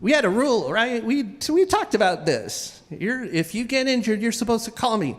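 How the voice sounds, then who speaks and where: Guy doing his fed-up wife, scolding and lecturing, voice up high and swooping, echo of a big hall. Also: very animated, normal speed, exaggerated voice. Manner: scolding, indignant. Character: exasperated wife scolding her husband.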